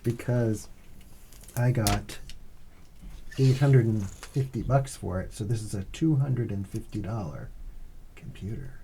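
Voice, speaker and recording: A man's voice: on the low side, measured pace, pauses often, dark tone, slight background noise. A man in his fifties hosting a casual unboxing vlog as a father, patient and teasing, explaining things step by step.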